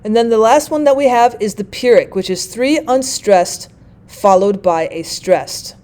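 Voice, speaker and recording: A woman's voice: a little high, warm tone. A woman teaching a lesson in a methodical, explanatory way. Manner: methodical, reads examples slowly. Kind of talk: explanatory lecture.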